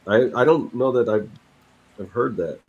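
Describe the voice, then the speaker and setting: A man's voice: mid-range voice, a little mellow, muffled recording. A man, a comic artist, chatting casually and hesitantly while he works. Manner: hesitant, halting, talks while working. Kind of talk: casual chat.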